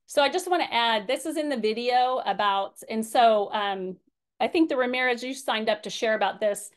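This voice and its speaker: A woman's voice: on the high side, moderate pace. A woman in her forties leading a parenting class Q&A, candid and story-driven, with many fillers and restarts. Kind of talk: teaching a group Q&A.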